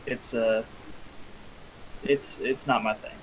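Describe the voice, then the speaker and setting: A man voicing a young, uneasy male ruffian recruit who talks in a halting, hesitant way. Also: medium pitch, fairly even intonation, slight background noise, lightly acted, rough recording.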